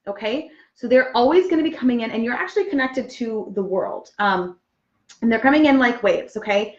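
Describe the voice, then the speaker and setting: A woman practitioner explaining a concept in casual chat, checking in often with "okay?" and pausing on fillers. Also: a little high. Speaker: Human Design practitioner. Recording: roomy, dull lo-fi sound.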